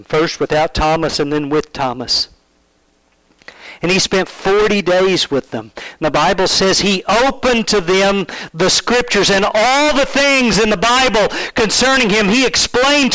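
Guy preaching a sermon like telling a story, asks the crowd questions, fairly high voice. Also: dry recording, low-quality recording. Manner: storytelling, asks listeners questions, drops to hushed tones. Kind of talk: sermon retelling a Bible story.

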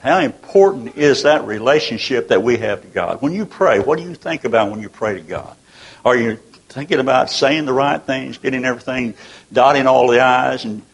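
A man's voice: mid-range voice, vocal fry, breathy edge, low-quality recording. An older man preaching a sermon in a folksy, earnest way, asking many rhetorical questions and often restarting his sentences.

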